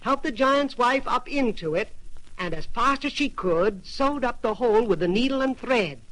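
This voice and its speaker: A man narrating a fairy tale audiobook in a lively, rhythmic telling. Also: very high voice, normal speed, low-quality recording. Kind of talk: storybook narration. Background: background music.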